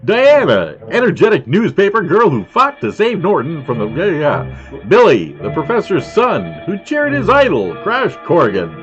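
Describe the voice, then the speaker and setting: A man's voice: high-pitched, wildly swooping pitch, normal speed, hardly any pauses, a bit bright, voice pushed up, heavily acted. A man putting on an old-time serial announcer voice with a Mid-Atlantic accent. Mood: declaiming. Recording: muffled lo-fi with music.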